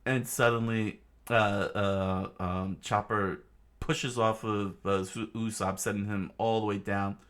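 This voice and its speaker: A man casually reading a comic aloud as narrator, halting often with fillers and restarts. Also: lowish voice, fairly even intonation, a bit bright. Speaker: comic reader.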